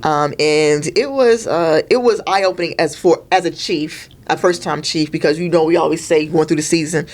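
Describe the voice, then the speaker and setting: A woman's voice: low voice, normal speed, few pauses. A middle-aged woman, a retired Navy master chief, telling stories casually as a podcast guest, slipping into slang and acting out the people she quotes. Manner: animated, acts out voices in her stories; casual, uses everyday slang. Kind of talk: casual storytelling conversation.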